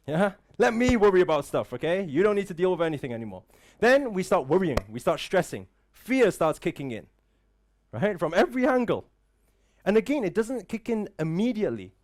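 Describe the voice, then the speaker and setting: A man's voice: sits high, big pitch swings, a little fast, a little mellow. A man giving a live motivational talk to an audience in an event room, full of rhetorical questions and repeated "right?". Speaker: motivational speaker.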